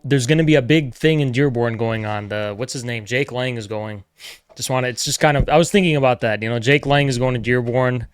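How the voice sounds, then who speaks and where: A man's voice: medium pitch, no room sound, studio quality. A man livestreaming, ranting in a blunt, profane, exasperated way in casual monologue, at a desk mic indoors.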